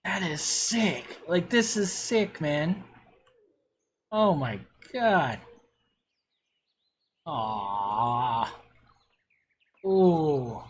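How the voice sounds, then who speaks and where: Brief: excitable middle-aged male streamer, slightly high voice, casual and gushing. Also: drawn-out words, pauses often, slight background noise. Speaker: game streamer reviewing player builds. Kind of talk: casual livestream commentary.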